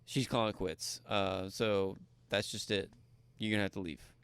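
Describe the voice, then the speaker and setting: A man with a Kentucky accent tells a story casually on a podcast. He acts out each person's lines and gets loud when the story heats up. The sound is dry and close. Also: lowish voice, moderate pace, clear, resonant tone, no room sound. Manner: animated, acts out dialogue, grows loud when excited. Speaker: podcast co-host.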